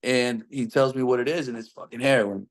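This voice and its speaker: A young man with a mid-pitched voice tells a personal story. His talk rambles, full of fillers and constant swearing. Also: steady tone, fairly quick.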